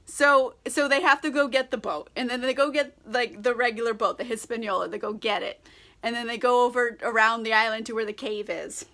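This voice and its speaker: A woman's voice: on the high side, fairly even intonation, a little fast, pushed and bright. A tipsy woman vlogger recapping a book in a casual, rambling, irreverent way, swearing and giggling.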